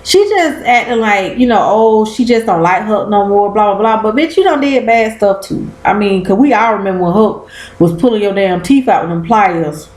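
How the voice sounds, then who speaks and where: A woman vlogger with a medium-pitched, slightly mellow voice recaps a TV episode at a moderate pace in casual chat. She's slangy and cusses as she acts out quotes. The recording is rough, with a roomy sound.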